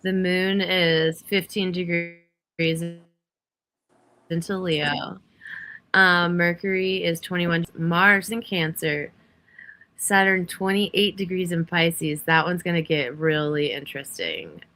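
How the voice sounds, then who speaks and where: A woman's voice: on the low side, takes it slowly, pushed and bright, poor audio. A woman hosting a live online reading, chatting with a guest and laughing while she reads out planet positions. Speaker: host. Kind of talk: casual live-stream chat.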